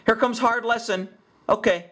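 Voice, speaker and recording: Man, high voice, blunt, sarcastic, repeats himself, video commentary. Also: steady tone, moderate pace, a bit bright. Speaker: horse trainer commenting on a video.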